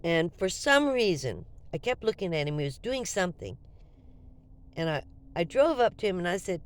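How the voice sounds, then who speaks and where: Give me an animated woman in her seventies telling a story casually, with lively, swooping pitch. She has a cold and acts out both sides of each conversation. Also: normal speed. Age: 70s. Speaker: vlogger.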